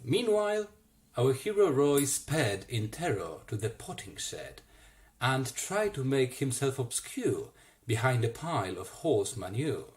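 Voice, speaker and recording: A theatre actor, reading a rhyming children's story aloud at home, theatrical and expressive. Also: mid-range voice, a little slow. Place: home, self-recorded.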